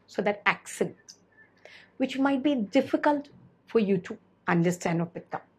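A woman's voice: mid-range voice, lively intonation, normal speed, slightly rough, rough recording. A woman teacher giving a classroom lecture. She repeats her points, asks rhetorical questions and corrects herself as she goes.

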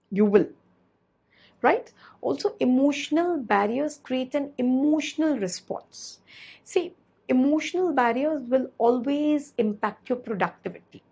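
Husky-voiced woman lecturing. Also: high voice, dark tone, rough recording. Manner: repetitive, asks rhetorical questions, self-corrects. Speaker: teacher. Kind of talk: classroom lecture.

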